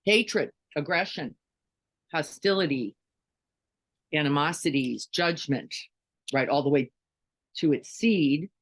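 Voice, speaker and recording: A woman from Chicago in the United States gives a conversational dharma talk as a meditation teacher, often checking in with listeners through questions and "right?" Her voice sits low and she speaks slowly with frequent pauses. The recording is dry and rough.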